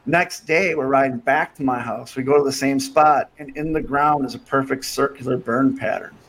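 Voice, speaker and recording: A man's voice: medium pitch, moderate pace. A man telling a story in casual podcast chat, acting out what people said along the way. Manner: animated storyteller acting out quotes. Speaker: podcast guest.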